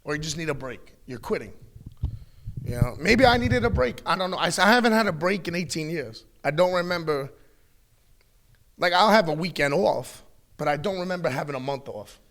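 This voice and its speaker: A middle-aged man in a candid interview, talking bluntly and with plenty of swearing as he tells animated stories. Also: sits high, a little fast. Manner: blunt, profane, animated storytelling. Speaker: wrestling guest.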